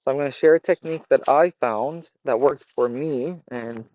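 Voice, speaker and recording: A man's voice: medium pitch, moderate pace, dry recording. A man talking casually and reflectively to camera, rambling with many fillers and restarts, outdoors by a fire. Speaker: vlogger. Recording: dull lo-fi sound.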